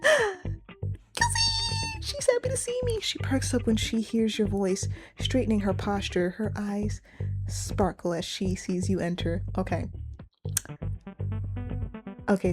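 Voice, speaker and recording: A young woman reading a story game aloud and reacting in an animated, giggly, slangy way. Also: lowish voice. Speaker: gamer playing a story game.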